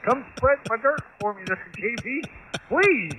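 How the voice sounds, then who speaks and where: A man's voice: very high-pitched, lively intonation, measured pace, bright, forceful tone, slight background noise. A man calling in on a ham radio, easygoing and joking, saying by golly. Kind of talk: casual radio chat. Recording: tinny radio transmission.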